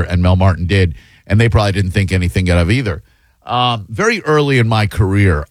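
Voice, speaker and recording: A fill-in talk radio host in his fifties speaks in a fairly low voice. He drifts through casual, self-mocking anecdotes, leaning on fillers and restarts. The studio sound is close and dry. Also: no echo. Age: 50s. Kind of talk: casual radio chat and storytelling. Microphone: studio broadcast mic.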